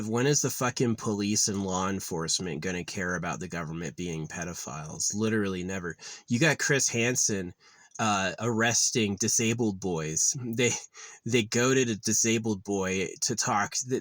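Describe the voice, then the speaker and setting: A man with a very low voice rambles through a casual vlog rant, heavy on the swearing and quick to get heated. The sound is dry and close, with no room behind it. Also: dry recording. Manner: profane, rambling, gets loud and heated when ranting. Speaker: vlogger.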